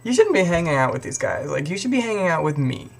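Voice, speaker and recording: A man's voice: a little high, big pitch swings, fast talker, vocal fry, slight background noise, pitched above the performer's own voice. A man voicing a snobby, whiny schoolboy bully. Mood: snooty.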